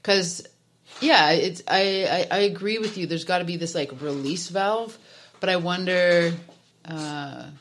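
A woman's voice: fairly low pitch, unhurried, a little hiss or hum. A woman chatting casually and animatedly, asking questions and using lots of "like". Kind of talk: casual chat.

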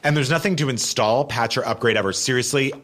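A man's voice: medium pitch, quick pace, a bit bright, close to an everyday voice. A man doing a drawling Texan movie-star spokesman. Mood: smug drawl. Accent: imitated Texan drawl. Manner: drawling, self-absorbed, goofy asides. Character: impression of a laid-back Texan male movie star. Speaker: ad spokesman in a comedy podcast. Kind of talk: comedic parody ad read.

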